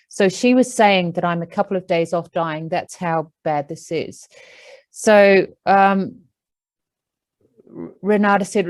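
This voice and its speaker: A woman with an Australian accent, an animal communicator, telling a story in an animated way with lots of fillers. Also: on the low side, poor audio. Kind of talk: casual storytelling.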